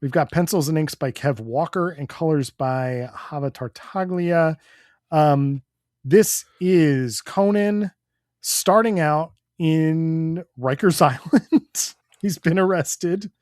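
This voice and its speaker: A man's voice: on the high side, takes it slowly, a little mellow, dry recording, clean studio sound. A man co-hosting a comics podcast, recapping the plot in an easygoing way with fillers. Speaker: podcast co-host. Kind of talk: casual comics chat.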